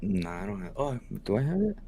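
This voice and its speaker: A man's voice: medium pitch, very animated, brisk, dark tone, slight background noise. A young man co-hosting a podcast, telling a story in casual chat, slangy and profane. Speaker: podcast co-host.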